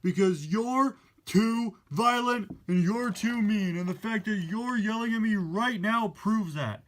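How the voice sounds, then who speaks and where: A man voicing a preachy, peace-loving male hippie van in a toy-car play story, lecturing in a raised voice. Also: unhurried. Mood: defiant. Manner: high, preachy, sing-song lecturing.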